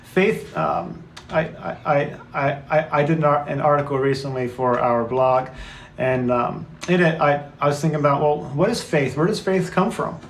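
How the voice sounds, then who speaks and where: A man's voice: fairly high pitch, normal speed. A man co-hosting a spiritual talk show, speaking in an earnest, reflective way and coaxing his listeners. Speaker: co-host. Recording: roomy echo, faint background noise.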